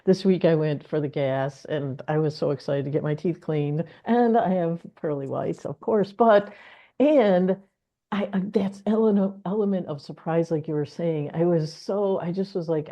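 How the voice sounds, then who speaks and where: Animated woman telling a spiritual story. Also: fairly low pitch, unhurried. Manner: animated storyteller, laughs often, acts out inner voices. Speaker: co-host of a spiritual wealth course. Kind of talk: casual spiritual chat. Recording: dull lo-fi sound.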